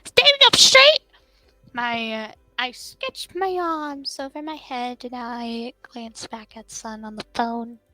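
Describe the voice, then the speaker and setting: A young woman reading a fan story aloud with a friend, in an expressive, giggly way. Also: fairly high pitch, slow, hardly any pauses, no echo, soft background music, low-quality recording.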